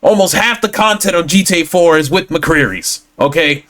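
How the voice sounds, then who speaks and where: A man's voice: fairly high pitch, normal speed, a bit bright. A man giving voice-over gameplay commentary on a headset mic, telling the story animatedly with silly sound effects. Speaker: gaming YouTuber.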